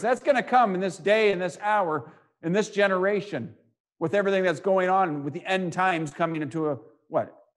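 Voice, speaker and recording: Preaching man with swinging loudness. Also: high voice, normal speed. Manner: rhetorical questions and repeated phrases, swinging between loud and hushed. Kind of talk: sermon, reading and expounding scripture.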